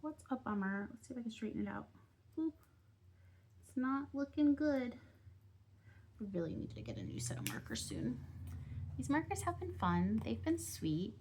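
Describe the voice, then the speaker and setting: A woman's voice: on the high side, darkish tone, a little hiss or hum. A woman vlogging at home about her budgeting game, chatting casually and giggling while she colors, often dropping into a half-whisper. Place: home on a busy street.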